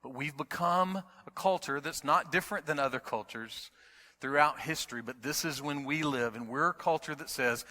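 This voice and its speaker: A middle-aged man preaching a sermon as pastor. He is emphatic, repeats key words, and moves between quiet storytelling and loud preaching. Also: on the high side, normal speed. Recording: long hall reverb.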